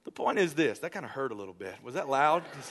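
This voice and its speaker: A man preaching a sermon in church, leading a hushed prayer and telling a family story with lively quoted voices. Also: medium pitch, fast talker, a little hiss or hum. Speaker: pastor.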